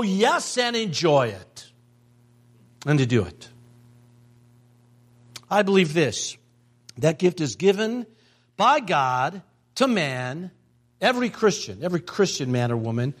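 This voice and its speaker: An older man delivers a storytelling sermon in a strikingly high voice. His pitch leaps around as he repeats phrases and slips into the voices of his family. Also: a bit bright. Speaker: pastor.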